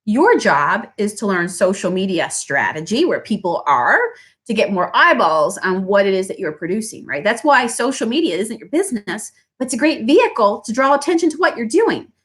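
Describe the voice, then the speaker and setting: Lively woman, small shop owner, pep talk on pricing, voice swings a lot, keeps saying right?. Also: normal speed. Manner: animated, acts out customers in high voices, asks "right?" often. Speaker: small business owner giving advice. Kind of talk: motivational business talk.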